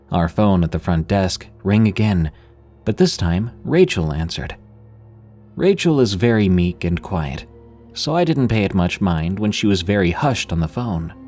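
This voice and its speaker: A man narrating a first-person work story in a steady, scripted storytelling delivery. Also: deep voice, unhurried, faint music behind. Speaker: podcast narrator.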